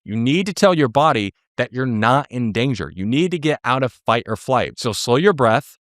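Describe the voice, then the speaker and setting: A man's voice: medium pitch, animated, moderate pace, a bit bright, no room sound, clean studio sound. A young man coaching on sales in an instructive, emphatic way, with frequent "okay?" check-ins, speaking from his own apartment office. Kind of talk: direct-to-camera coaching monologue.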